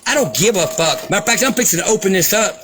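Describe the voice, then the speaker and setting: A man's voice: high-pitched, lively intonation, quick pace, over music. A man delivering an angry, profane, sarcastic rant as a vlogger. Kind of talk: angry ranting commentary.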